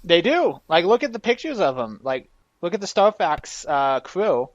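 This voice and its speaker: A man co-hosting a casual podcast, talking in a relaxed, rambling way with fillers. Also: high voice, normal speed, no room sound, muffled recording. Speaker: podcast co-host.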